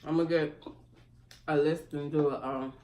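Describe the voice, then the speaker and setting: A woman's voice: low-pitched, steady tone, normal speed, mellow, recorded from a distance. A woman hosting an eating show, chatting casually between bites and laughing often. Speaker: mukbang host. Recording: echoey room, voice from afar, faint room noise.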